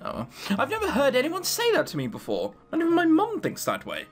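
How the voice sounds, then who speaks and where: A sing-song, overly cheerful young sea girl from a visual novel, put on by an English man in a high, gushing voice that leaps all over. Soft game music plays quietly underneath. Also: huge pitch swings, fairly quick, exaggerated voice. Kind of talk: visual novel read-aloud.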